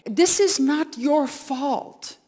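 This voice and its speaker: A woman audiologist from the Netherlands giving an energetic, blunt talk to hearing care professionals in a lecture hall, often acting out what her patients say. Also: high-pitched, very slow. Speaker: audiologist, conference speaker. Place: lecture hall with a live audience.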